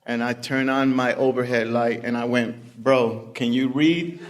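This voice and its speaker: A middle-aged man speaking at a recovery meeting, giving personal testimony in an unhurried, plain-spoken storytelling way with many pauses. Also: mid-range voice, fairly even intonation, very noisy. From Puerto Rican family background.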